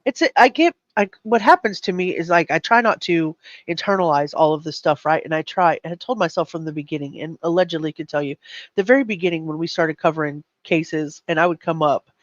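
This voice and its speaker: Earnest male host, slightly high voice. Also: a little fast, no room sound, dull audio. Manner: earnest, emotionally shaken, stumbling over words. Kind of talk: live true crime chat.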